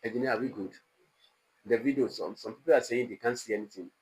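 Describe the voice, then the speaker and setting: A man lecturing an online exam-prep class, slow and deliberate, repeating example phrases with exaggerated rises and falls in pitch. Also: darkish tone, low-quality recording. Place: online class studio with a technician.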